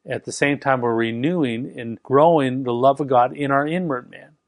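A man preaching a sermon, fast and emphatic, often repeating and restarting his words. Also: medium pitch, no room sound, studio quality.

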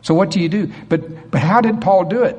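A man preaching a sermon in an animated way, acting out voices with sudden jumps in pitch. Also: a little fast.

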